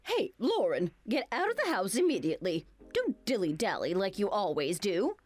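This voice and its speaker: A woman's voice: mid-range voice, wildly swooping pitch, normal speed, a little mellow, faint music behind. A woman voicing a snobbish, bossy young woman. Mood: condescending. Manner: condescending, commanding.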